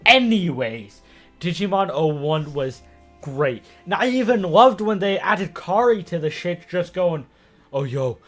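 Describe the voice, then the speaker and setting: Animated, swearing man talking anime. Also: sits high, a little slow, faint music behind. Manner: animated, profane, rambling. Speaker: YouTube anime commentator. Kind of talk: casual video-essay commentary.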